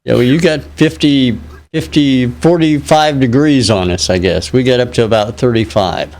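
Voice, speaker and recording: A man's voice: mid-range voice, moderate pace, darkish tone. A laid-back man from Illinois co-hosts a live online show. He jokes easily in a loose, casual way. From Illinois, United States. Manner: laid-back, joking, easygoing. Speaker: co-host.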